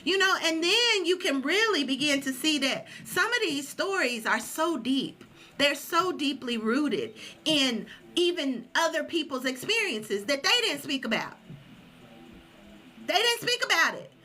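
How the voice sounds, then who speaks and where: High, bright-voiced woman giving an inspirational talk. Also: very animated, unhurried. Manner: emphatic and preachy, repeating phrases for effect. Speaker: livestream host.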